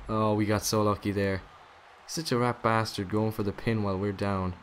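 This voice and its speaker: Excitable young man commentating a wrestling game. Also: fairly low pitch, normal speed, a little hiss or hum. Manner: excitable, swears, talks to the game opponent. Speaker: gaming YouTuber. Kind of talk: casual gameplay commentary.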